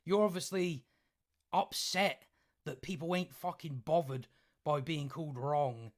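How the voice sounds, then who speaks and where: A male YouTube commentator ranting sarcastically, swearing, chuckling and often restarting his sentences. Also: fairly high pitch. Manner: halting restarts.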